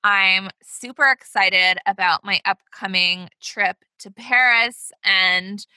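A young adult woman with a bright, crisp voice chats casually as a podcast co-host. She laughs easily and fills her talk with "like", recorded close and dry. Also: medium pitch, slow pace, dry recording. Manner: laughing, conversational, lots of "like". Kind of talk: casual chat.

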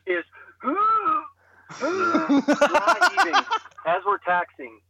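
A young man on a podcast telling a comic story in an animated way, acting out the voices. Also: fairly high pitch, normal speed, noisy background.

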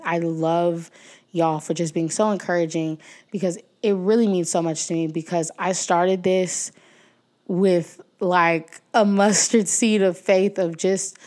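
A young woman hosting her own podcast, talking casually and emotionally to her listeners, with many fillers and frequent thanks. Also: medium pitch. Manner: warm-hearted, emotional, many fillers, talks to listeners as y'all. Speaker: podcast host. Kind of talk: casual heartfelt podcast outro.

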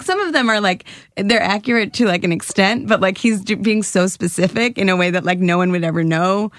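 A woman in her thirties, guest-hosting a casual chat, playful and quick to laugh as she tries out comic accents. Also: mid-range voice, slight background noise. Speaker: guest host.

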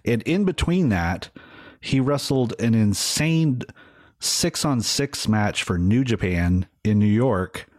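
A man with a notably deep voice chats casually as a podcast co-host. He rambles a bit, leaning on fillers as he thinks aloud. The sound is dry and close, with no room around it. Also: slow, no echo. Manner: relaxed, rambling, hedging with fillers. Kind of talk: casual wrestling chat.

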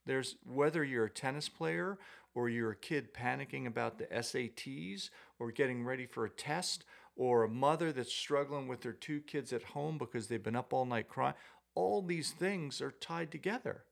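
A middle-aged man with a gravelly, creaky voice settles into a relaxed guest chat on a podcast. He rambles through stories in an easy, self-deprecating way. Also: medium pitch, normal speed. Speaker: podcast guest, former tennis coach. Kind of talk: casual storytelling chat.

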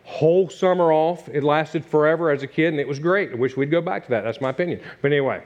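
A man's voice: fairly high pitch, quick pace, darkish tone, dull audio. A middle-aged man from Virginia preaching a sermon as pastor, talking in a conversational way that repeats its points and turns to the congregation with asides.

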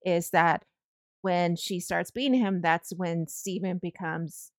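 A woman on a casual review chat panel, making quick, wry asides. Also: lowish voice, no room sound, studio quality.

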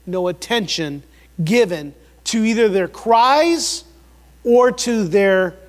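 A man preaching a sermon as a pastor, emphatic, repeating words for emphasis and swinging between loud and hushed delivery. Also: high voice, big-room sound.

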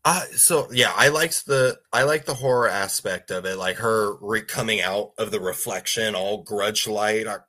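A man's voice: on the low side, moderate pace, few pauses, bright, forceful tone. A man in casual podcast chat, rambling and stumbling over his words with frequent laughs.

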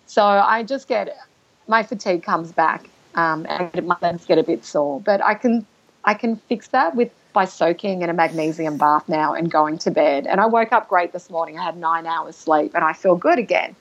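Woman telling a personal story, muffled sound. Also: on the low side. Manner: emotional, halting, with restarts and throat-clearing. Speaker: guest. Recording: dull lo-fi recording.

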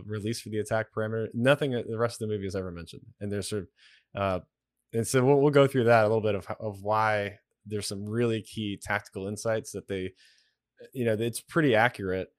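Low-voiced man explaining plainly. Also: a little fast, no echo, studio quality. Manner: wry, blunt, explanatory. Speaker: podcast guest, retired military aviator. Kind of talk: casual podcast conversation.

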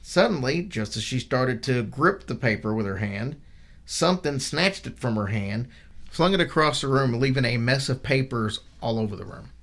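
A man co-hosting a podcast, telling a true ghost story from notes in a steady, measured way that slows down for the dramatic parts. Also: medium pitch, vocal fry. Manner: steady, measured delivery, slowing for dramatic moments.

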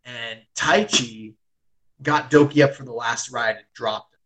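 A man in casual chat, retelling a match as an excitable storyteller who fills his talk with "like" and swears freely. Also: medium pitch, measured pace, poor audio. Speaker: podcast host reviewing wrestling.

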